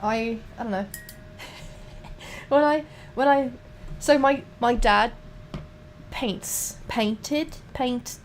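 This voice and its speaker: A young woman chats away to her stream while she paints miniatures. Her voice sits a little on the high side, and she rambles, swears freely and keeps restarting her sentences. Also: very slow, pauses often, a little hiss or hum.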